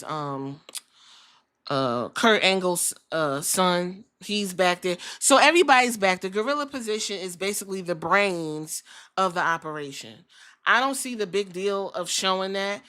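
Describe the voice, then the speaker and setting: A woman with a fairly low voice hosts a casual review podcast. She speaks bluntly and with strong opinions, and she swears offhandedly as she talks things through. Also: a bit bright. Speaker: podcast host.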